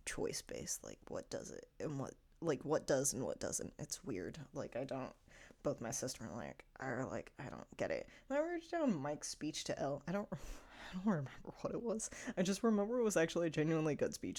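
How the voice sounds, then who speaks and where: A young woman with a low-pitched voice talks through her thoughts on a show. She rambles casually, leaning on filler words and breaking into laughs often. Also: darkish tone. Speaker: TV review vlogger. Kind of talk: casual spoken review.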